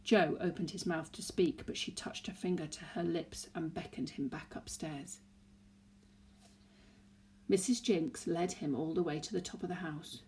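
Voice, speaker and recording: A woman narrating a children's novel aloud in an expressive storytelling way. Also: on the low side, a little slow, a little hiss or hum.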